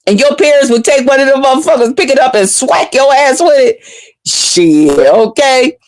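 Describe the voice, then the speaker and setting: Woman, higher voice, animated, profane, casual storytelling, dry close sound. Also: normal speed, dry recording. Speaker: vlogger.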